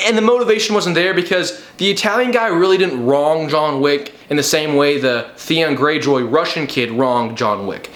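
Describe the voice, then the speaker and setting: A man's voice: fairly high pitch, a bit bright, echoey room. A young man reviewing a movie in a sarcastic, profane comic rant, often slipping into mock voices.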